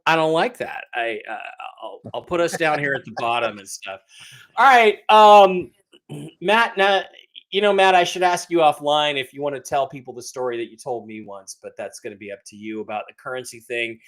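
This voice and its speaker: A man's voice: a little high, moderate pace, a bit bright. A man hosting a casual livestream, greeting viewers by name and rambling with many restarts and mock-hurt teasing. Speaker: livestream host.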